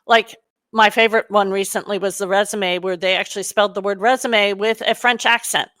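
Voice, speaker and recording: A middle-aged woman, a career coach giving a casual, animated webinar talk to her audience with frequent fillers. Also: medium pitch, fairly quick, no room sound.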